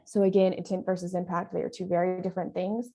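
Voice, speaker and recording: A woman's voice: fairly low pitch, little pitch movement, fast talker, gravelly, mellow, low-quality recording. A woman leading a training session, talking in a conversational way and often checking in with "right?". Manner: talks with her arms. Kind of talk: training presentation.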